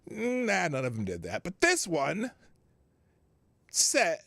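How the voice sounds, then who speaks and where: A man's voice: high-pitched, wildly swooping pitch, slow, vocal fry, bright, forceful tone, dry recording. Rambling middle-aged male livestream host. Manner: rambling, exasperated storytelling. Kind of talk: casual live-show chat.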